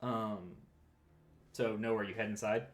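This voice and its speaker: A man running a tabletop game as game master, describing scenes patiently and reading in-world text out slowly. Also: on the low side, steady tone.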